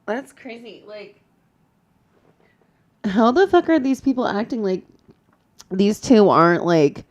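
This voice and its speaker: A woman streaming a live reaction to a podcast, chatting casually and quick to exclaim and swear. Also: medium pitch, sing-song, dull audio.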